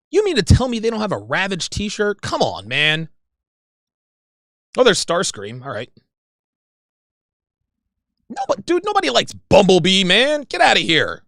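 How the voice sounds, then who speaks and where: A man in his forties hosting a livestream in casual chat, rambling and excitable. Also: high-pitched, creaky, no echo, studio quality. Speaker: livestream host.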